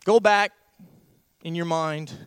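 A man preaching a sermon as pastor, swinging from hushed asides to loud, raised declamation. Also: on the high side, slow pace, smooth, dry recording.

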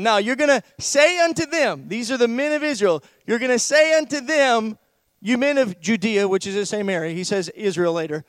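A man preaching a sermon as pastor, swinging from hushed asides to loud, raised declamation. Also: extremely high pitch, moderate pace, clean tone, dry recording.

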